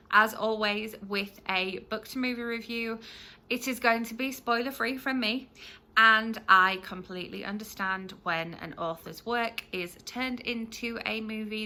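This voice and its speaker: A woman from the UK with a bright, crisp voice, talking casually to her viewers as a book vlogger. She rambles in a friendly way, full of ums and little restarts. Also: mid-range voice. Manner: chatty, many ums and restarts. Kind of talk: casual chatty review to camera.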